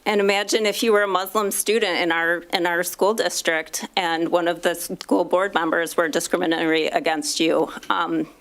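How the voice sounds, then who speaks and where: A woman's voice: fairly low pitch, fairly even intonation, normal speed, few pauses, fairly bright tone. Firm, indignant woman at public comment. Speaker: community member at public comment. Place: school board meeting room.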